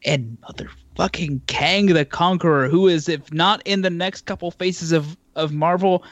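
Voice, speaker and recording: A man's voice: a little high, normal speed, a bit bright, no echo. A man co-hosting a casual podcast chat, a bit tipsy, rambling and stammering through repeated words. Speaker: podcast co-host.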